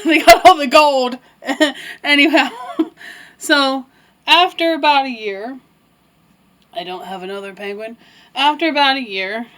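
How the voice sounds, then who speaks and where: A woman retells a fairy tale in a loose, chatty way, stopping for asides and small laughs. Her voice sits a little high. She sounds like a teacher telling a story to young listeners. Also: fairly bright tone, low-quality recording. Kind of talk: casual storytelling with puppets.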